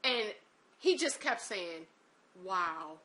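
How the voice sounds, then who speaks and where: A woman telling a personal story in a lively, emotional way, acting out the quotes. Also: mid-range voice, unhurried, slight background noise. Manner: animated, emotional retelling with acted-out quotes.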